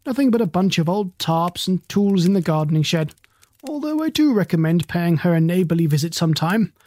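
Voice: medium pitch, lively intonation, fairly quick, a little mellow, dry recording, close to an everyday voice. A narrator voicing a flustered, portly, bald older man who keeps the stars, talking in a fussy, polite way with fancy words.

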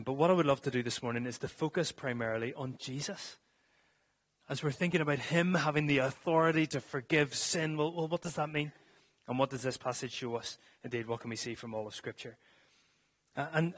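A man preaching a sermon to a congregation in a church, reading scripture and then explaining it earnestly, with some restarts. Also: medium pitch.

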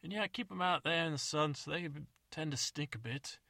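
A rambling old soap maker, put on by a man in a high, gravelly voice full of folksy hesitations. He sounds crisp and bright, recorded close and dry with no room around him. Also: brisk, no echo.

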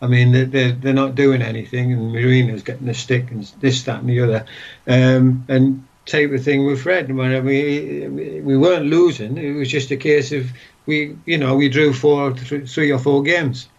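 Creaky and flat, the medium-pitched voice of this older former footballer moves at a moderate pace through dull audio. Speaking as an interview guest, he reminisces casually in a rambling way, with many restarts and repeated "what have you."

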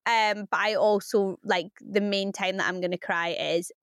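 A woman's voice: medium pitch, normal speed, no room sound, clean studio sound. A young woman co-hosting a podcast, talking candidly in casual chat and laughing often. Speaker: podcast co-host.

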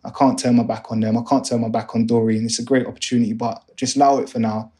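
Young man, podcast guest, animated storyteller who mimics the people he quotes. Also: mid-range voice, fast talker. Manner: animated, acts out other voices in his stories. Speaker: guest, music A&R manager. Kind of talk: casual storytelling interview.

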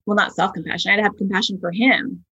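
A woman in her thirties, a podcast host telling a story in a chatty, animated way with lots of fillers. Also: medium pitch, fast talker, husky, dull audio. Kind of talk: casual conversational storytelling.

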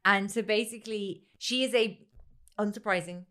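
A woman's voice: mid-range voice, steady tone, normal speed, fairly bright tone, clear, resonant tone. A woman co-hosting a podcast, telling a story in casual chat, laughing gleefully and acting out the people she quotes. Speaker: podcast co-host.

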